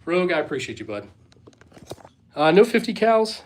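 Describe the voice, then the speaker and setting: This young man hosts a casual live Q&A, his voice high-pitched, very animated, and a bit mellow at a moderate pace. He comes across as laid-back and hesitant, full of fillers and shrugging asides, reading viewer questions from the chat aloud and thanking people along the way.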